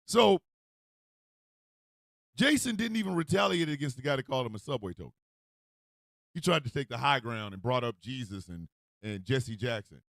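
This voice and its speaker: A male radio host delivering an animated, comedic rant with frequent laughter. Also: medium pitch, moderate pace, creaky, pauses often, dry recording, clean studio sound. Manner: animated, loud, laughs often, acts out street calls.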